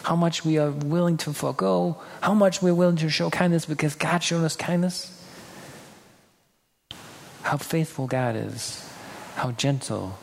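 Man, preacher, earnest sermon, gravelly, hall reverb, faint background ambience. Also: a little high, a little hiss or hum. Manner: earnest, lively, acts out quoted people.

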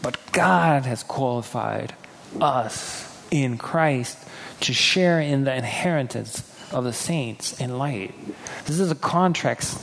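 A man's voice: medium pitch, takes it slowly, gravelly, slight background noise. A man preaching a sermon earnestly, acting out quoted people now and then, in a church hall. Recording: hall reverb with faint ambience.

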